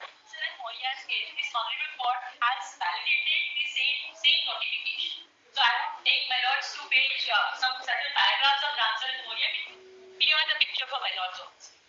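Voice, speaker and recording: A woman's voice: sits high, a little fast, bright, forceful tone. A woman advocate, formally addressing the judges. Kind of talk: courtroom argument. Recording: distant dull echoey courtroom audio.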